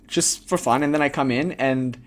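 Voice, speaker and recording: A man doing a relaxed village fisherman. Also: medium pitch, lightly acted. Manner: relaxed, unhurried. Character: easygoing male village fisherman, content.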